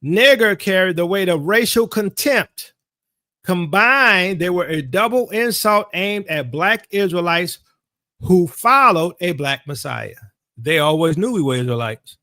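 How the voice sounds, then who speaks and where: A male Bible teacher delivers an insistent, sermon-style lesson, driving his points home by repeating phrases. His voice sits high and carries a sharp, forceful edge. The sound is dry and close, with no room around it. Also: animated, a little slow, dry recording.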